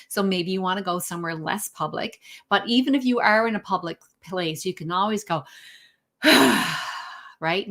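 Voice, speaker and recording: Woman calmly guiding a breathing lesson. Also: medium pitch. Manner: relaxed, guiding, with fillers and self-corrections. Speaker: wellness coach. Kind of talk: live-streamed breathing lesson. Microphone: phone.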